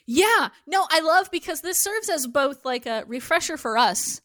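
A woman's voice: high-pitched, lively intonation, moderate pace, few pauses, fairly bright tone, dry recording, studio quality. A woman co-hosting a casual TV recap podcast, chatty and swearing freely as she acts out lines from the episode. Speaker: podcast co-host.

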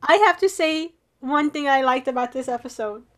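A young woman with a high voice chats casually as a co-host. She sounds playfully bewildered and teases in a mock-scolding way. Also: normal speed, a bit bright. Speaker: podcast co-host. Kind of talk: casual chat recapping a drama.

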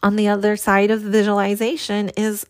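A woman's voice: medium pitch, completely flat delivery, moderate pace, no room sound. A woman hosting a solo podcast, coaching listeners in an earnest, direct way and repeating points for emphasis. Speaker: podcast host and spiritual coach. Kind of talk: motivational solo podcast talk.

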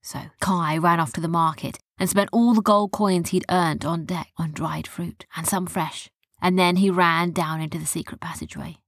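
A woman narrating a children's story softly, often dropping to a whisper. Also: on the low side, fairly even intonation, normal speed, no echo, clean studio sound.

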